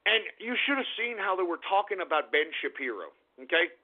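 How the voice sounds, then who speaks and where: High-voiced ranting radio host. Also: male voice, very animated, brisk. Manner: profane, heated, rambling. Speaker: radio talk show host. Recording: tinny phone-line radio audio.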